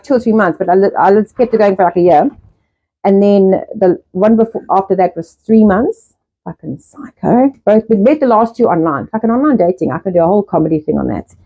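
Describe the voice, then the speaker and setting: A woman's voice: medium pitch, warm tone, dull audio. A woman in her forties hosting a live stream, rambling and swearing in a casual rant from home. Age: 40s. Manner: rambling and profane, acting out her own reactions. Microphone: phone or laptop mic, live stream.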